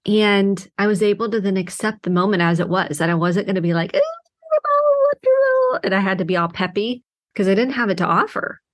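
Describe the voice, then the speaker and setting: A woman's voice: medium pitch, quick pace. A middle-aged woman therapist hosting her own podcast, talking alone in an earnest, heartfelt way with emphatic bursts. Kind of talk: reflective solo podcast monologue.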